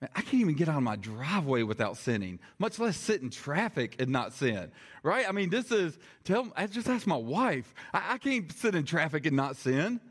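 A man, a congregational elder giving a chatty, animated sermon, his voice a little strained. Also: on the high side, moderate pace, breathy edge. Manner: chatty, animated, jokey asides. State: slightly strained voice. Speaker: lay preacher, congregational elder. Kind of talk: conversational sermon.

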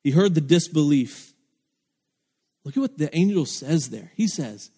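A man's voice: fairly high pitch, expressive, a little slow, pauses often, mellow, slightly rough, in a large hall. A man preaching a sermon as pastor, earnest and emphatic, acting out the lines of the people he quotes.

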